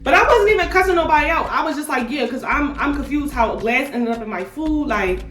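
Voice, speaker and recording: Young woman vlogger ranting a storytime, high voice, echoey room, kinda far from the mic. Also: fairly quick. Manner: animated, slangy and indignant, with repeated rhetorical questions. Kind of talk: storytime vlog. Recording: echoey room, mic at a distance, faint music.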